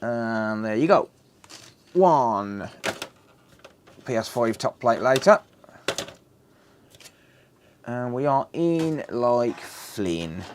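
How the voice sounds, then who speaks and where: Joking repair streamer. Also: male voice, mid-range voice, animated, extremely slow, long pauses, a little hiss or hum. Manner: joking, banters with chat, swears casually. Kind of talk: casual live stream chat while repairing.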